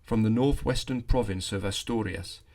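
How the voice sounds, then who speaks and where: A man hosting a history podcast, narrating a scripted story with lively delivery and wry asides. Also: fairly low pitch, moderate pace.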